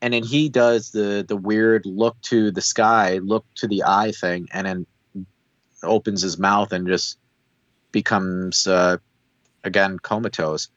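Co-hosting a podcast, a man casually recaps a TV episode, telling it animatedly and acting out the characters' lines. His voice is on the low side and slow, in a dry, dull-sounding recording.

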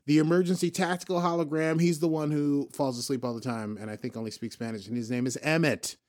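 A man's voice: a little high, steady tone, fast, darkish tone. A man hosting a podcast, casually recapping a TV episode in a rambling, joking way, often correcting himself. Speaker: podcast host.

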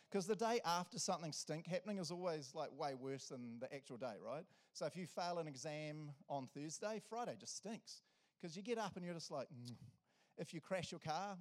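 A man with a New Zealand accent, a pastor giving a casual, jokey sermon full of asides to the congregation. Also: a little high. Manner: jokey, energetic, chatty with frequent asides to the congregation. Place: church service.

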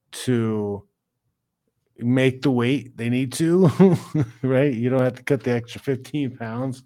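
A man's voice: mid-range voice, warm tone. A man hosting a livestream, ranting bluntly and casually between reading chat messages. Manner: blunt, ranting, swears freely.

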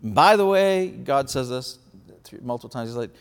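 A man preaching a sermon, telling a story with lively acted-out quotes. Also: medium pitch, normal speed. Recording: reverberant hall.

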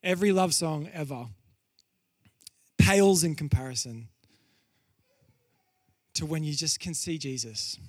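Male preacher, high voice, lively storytelling, dry close sound. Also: unhurried, long pauses, no room sound. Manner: animated storytelling, acts out quotes with laughs; drops low and quiet for solemn points. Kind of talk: sermon.

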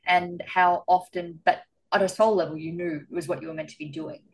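A woman's voice: on the low side, steady tone, a little fast, poor audio. A woman hosting a podcast interview, speaking in an effusive, spiritual way. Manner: warm, effusive, spiritual phrasing. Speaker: podcast host. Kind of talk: interview conversation.

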